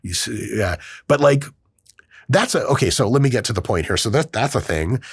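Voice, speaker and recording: A man's voice: mid-range voice, a little fast, breathy edge, dry recording, clean studio sound. A man hosting a podcast in casual chat, swearing freely and acting out quoted voices. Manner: profane, animated, acts out quoted voices. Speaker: podcast host.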